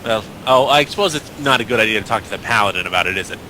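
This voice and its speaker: Bright-voiced man playing a tabletop game. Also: fairly low pitch, animated, very fast, slight background noise. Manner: hesitant, stumbling over words. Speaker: player. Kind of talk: in-character tabletop play.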